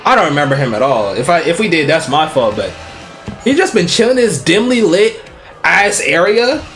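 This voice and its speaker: Male streamer, high-ish voice that swings wildly, cusses a lot and roasts the game. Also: moderate pace, soft background music. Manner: excitable, profane, mocking the game. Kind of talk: let's play commentary.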